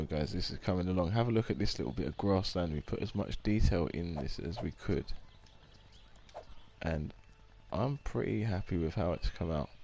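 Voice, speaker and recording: A man's voice: sits low, gravelly, darkish tone, a little hiss or hum. A man, chatting casually on a live game stream, rambling and reading out viewer comments.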